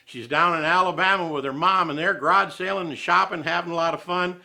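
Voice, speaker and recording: A man's voice: high-pitched, steady tone, brisk, vocal fry, pushed and bright. A man hosting a home cooking show, chatty and joking in a down-home way. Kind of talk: folksy cooking demonstration.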